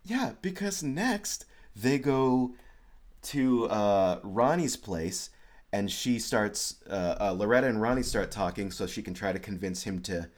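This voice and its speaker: Man, lowish voice, podcast co-host, wry jokes, casual movie talk. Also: expressive, unhurried. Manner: wry, joking commentary. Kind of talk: casual film-review chat.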